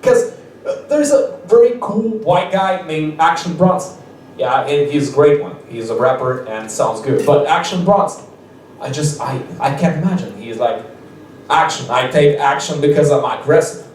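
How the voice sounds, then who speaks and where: Young comic, high voice. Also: male voice, animated, moderate pace, a little mellow, a little hiss or hum. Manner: rambling, laughing often, frequent restarts. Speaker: stand-up comedian. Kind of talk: stand-up comedy storytelling. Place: open mic club. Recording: echoey room, mic far off.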